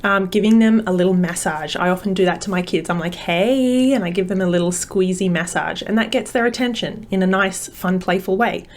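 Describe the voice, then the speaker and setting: A woman's voice: lowish voice, brisk, hardly any pauses, slight background noise. A woman, a parenting coach talking casually to camera in an upbeat, chatty way with many fillers.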